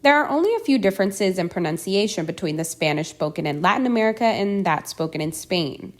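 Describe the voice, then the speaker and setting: A woman reading a scripted pronunciation lesson, deliberately enunciating each example word. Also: medium pitch, animated. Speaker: language teacher.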